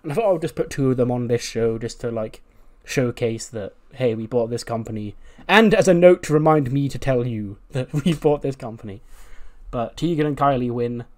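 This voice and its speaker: A man's voice: medium pitch, moderate pace, a little mellow. A man giving casual, sweary commentary on his game playthrough. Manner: chatty, sweary, acts out scenes. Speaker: game video host.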